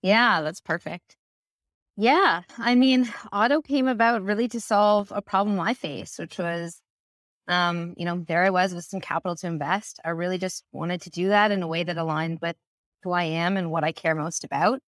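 A woman's voice: fairly low pitch, normal speed, dry recording, clean studio sound. A woman from Canada, a founder guest on a podcast, answering in a friendly, open way. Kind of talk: interview answer.

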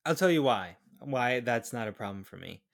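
Male podcast co-host, mid-pitched, lively anecdote teller who laughs mid-quote. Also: moderate pace, vocal fry. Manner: animated storytelling, laughs while quoting lines. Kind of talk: casual movie review chat.

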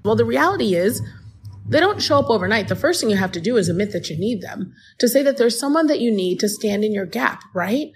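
A woman's voice: a little high, expressive, a little fast, a little hiss or hum. A woman podcast host telling a personal story in an earnest, encouraging way, speaking straight to the listener as a friend. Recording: music playing underneath.

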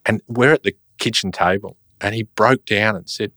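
A man's voice: fairly low pitch, moderate pace, dry recording, clean studio sound. A man, a podcast guest talking earnestly and reflectively about family and healing. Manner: earnest, reflective, warms up when recalling family moments. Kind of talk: conversational storytelling.

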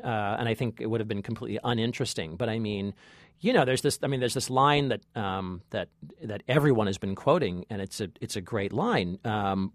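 A man co-hosting a casual movie review chat, halting and full of restarts, with wry humor. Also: fairly low pitch, no echo, studio quality. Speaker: film critic co-host.

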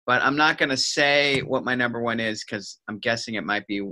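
Enthusiastic bright-voiced man. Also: medium pitch, fairly quick. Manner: enthusiastic, joking. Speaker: podcast co-host. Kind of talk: casual chat.

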